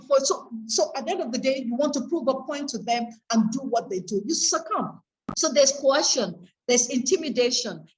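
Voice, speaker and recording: Slightly high in pitch, this woman comes through a rough recording with a bit of background noise. She teaches a course on peer pressure from a faith perspective, speaking earnestly and asking her audience rhetorical questions.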